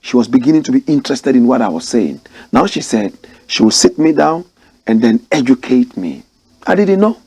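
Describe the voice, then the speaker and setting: A Ghanaian man, acting as commentator and host, tells a story and preaches his opinions straight to his listeners with real passion. His mid-range voice is very animated, darkish and slightly rough, at a normal speed, in a dry recording.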